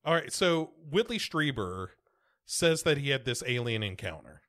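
With big pitch swings and a moderate pace, this man's medium-pitched voice comes across a bit bright. He's an American podcast co-host in casual conversation, rambling and full of fillers and restarts.

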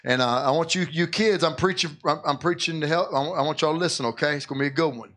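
A man's voice: a little high, quick pace, fairly bright tone. A pastor leading a church service with children, playful and joking, often laughing as he talks. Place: church in Philadelphia.

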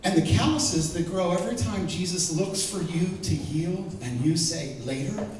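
A middle-aged man with a fairly high voice gives a lively, joking Bible lesson to a live audience, throwing out questions as he goes. He sounds far from the mic, in a very echoey hall with a faint hiss underneath. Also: normal speed, hardly any pauses. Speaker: Bible teacher.

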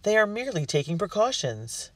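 A man's voice: high voice, very animated, a little fast, no room sound, voice pushed up. A man voicing a haughty, fussy older wealthy woman who complains indignantly, recorded dry from a distant mic.

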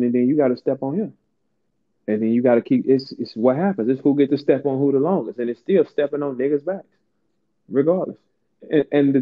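A man hosting a casual chat, ranting with big swings in his voice. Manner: animated ranting, swings high and low. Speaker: host. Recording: tinny phone-like line.

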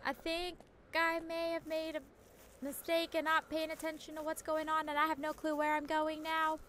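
A woman's voice: high-pitched, monotone, normal speed, fairly bright tone, slight background noise. A woman giving chatty, self-talking commentary while playing a video game, often giggling. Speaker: gaming streamer. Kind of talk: casual let's-play commentary.

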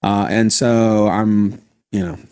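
A man's voice: on the low side, little pitch movement, a little mellow, smooth, no room sound. A man with a Mississippi Delta Southern twang chats casually as a stream host. He stops and restarts often and leans on filler sounds. The sound is dry and close, with no room around it. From American South, Delta region. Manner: halting, many uh fillers and restarts. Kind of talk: casual chat.

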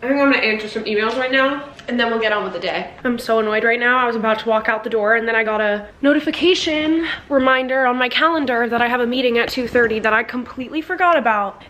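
A young woman chats casually to her camera in a fairly high voice, with lots of "like." She is a few steps from the mic in a roomy apartment, and a faint hiss sits under her voice. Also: fast, hardly any pauses, a bit bright. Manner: chatty, talks straight to camera, lots of "like". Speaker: vlogger. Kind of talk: casual vlog chat. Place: at home in an apartment. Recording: roomy, from a distance, faint noise.

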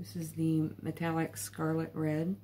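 A woman with a lowish voice hosts a casual painting tutorial. She talks through each step as she works, chatty and a little self-deprecating. A faint hum sits behind her. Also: completely flat delivery, measured pace, mellow. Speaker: art channel host.

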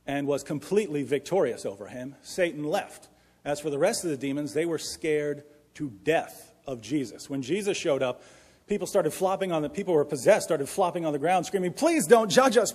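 Husky man debating in an echoey hall. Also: medium pitch, a little mellow. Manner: earnest, pleading, with frequent restarts. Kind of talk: formal debate argument. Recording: echoey hall with long reverb.

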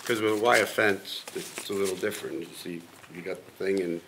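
A man's voice: low-pitched, fairly even intonation, brisk, creaky, noisy background. A man on the board asking clarifying questions at a hearing in a casual way.

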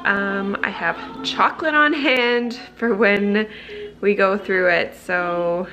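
A young woman vlogging at home as a mom, chatty and sentimental, speaking softly with lots of fillers and sounding teary. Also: medium pitch, takes it slowly, muffled recording, over music. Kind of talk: casual home vlog. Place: family home.

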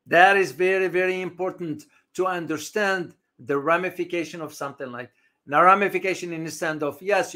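A man hosting a live commentary stream, his voice bright and a touch high. He speaks off the cuff with plenty of "uh"s and restarts, and he often stops to answer viewers' comments in the chat. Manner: reads out chat comments, rambling with many fillers. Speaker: host of a live geopolitics stream.

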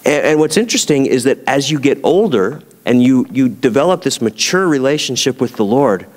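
A man's voice: medium pitch, animated, brisk, darkish tone, in a large hall. A man preaching as a pastor, talking in a conversational way and asking his congregation rhetorical questions. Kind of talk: sermon.

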